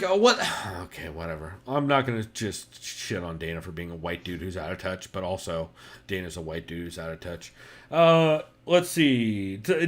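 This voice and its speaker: A man hosting a casual podcast, talking loosely with lots of fillers and swearing. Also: medium pitch. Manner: loose and profane, many fillers. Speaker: podcast host.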